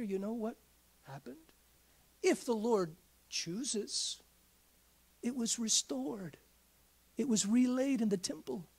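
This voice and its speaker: A man preaching a midweek sermon in a church, swinging from hushed whispers up to shouts. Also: high-pitched, creaky, husky. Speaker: pastor.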